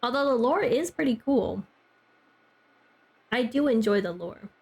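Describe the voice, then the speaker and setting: Young woman, streamer, chatty, lots of "like", a little higher voice. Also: expressive, unhurried, vocal fry, a little mellow, breathy edge. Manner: chatty, heavy use of "like", frequent laughs. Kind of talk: casual chat with stream chat.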